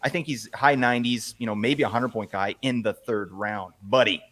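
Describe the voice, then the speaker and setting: A man hosting a casual podcast chat, teasing his co-hosts and giving quick recaps. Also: mid-range voice, a bit bright. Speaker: podcast host. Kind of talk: casual fantasy hockey chat.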